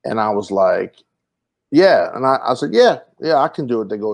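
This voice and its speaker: This man's voice is medium-pitched with some vocal fry, moving at a normal speed as he shares comedy road stories on a casual podcast. He acts out the quotes with animation, and his speech is dotted with fillers and false starts.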